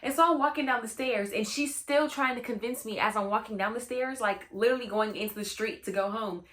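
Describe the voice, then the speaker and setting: A woman's voice: fairly high pitch, a little fast, a bit bright. A young woman telling a personal story in a casual, slangy storytime chat, full of "you know what I'm saying.". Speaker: storytime host.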